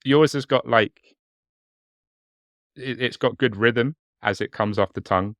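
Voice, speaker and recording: A man's voice: medium pitch, measured pace, fairly bright tone, no echo, clean studio sound. A man with a southern English accent co-hosting a podcast in casual chat, joking and laughing often. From England. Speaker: podcast co-host.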